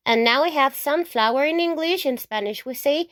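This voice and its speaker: A woman teaching the Spanish alphabet, saying each word slowly several times and checking in with "okay?". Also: sits high, dry recording, studio quality. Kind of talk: slow alphabet lesson with repetition.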